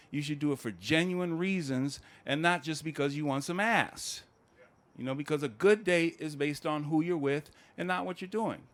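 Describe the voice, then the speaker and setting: A man performing a stand-up comedy set, telling stories in a conversational, deadpan way. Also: fairly high pitch. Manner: conversational, deadpan storytelling with acted quotes.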